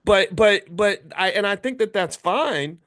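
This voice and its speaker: A middle-aged man delivers a loose, casual commentary monologue in a slightly high voice. His pitch rises and falls a great deal as he talks. He often restarts and repeats words, dropping into acted voices for the people he quotes. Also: expressive, measured pace, fairly bright tone.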